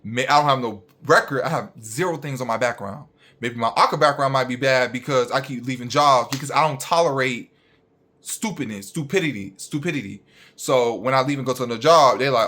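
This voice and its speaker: A man's voice: medium pitch, a little fast, bright, forceful tone. A young man, a registered nurse, ranting bluntly and profanely straight at his viewers.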